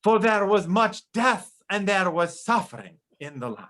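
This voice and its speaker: A man voicing a dramatic female Hungarian storyteller with a solemn, drawn-out delivery. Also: high voice, sing-song, fairly bright tone, voice pushed up, exaggerated voice. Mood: mock-solemn.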